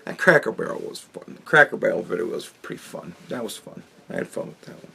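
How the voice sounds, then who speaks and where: A man's voice: fairly low pitch, lively intonation, fast, gravelly, sharp tone, husky. A man hosting his own commentary show, talking bluntly with lots of swearing and frequent restarts. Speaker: podcast host. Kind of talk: casual commentary monologue.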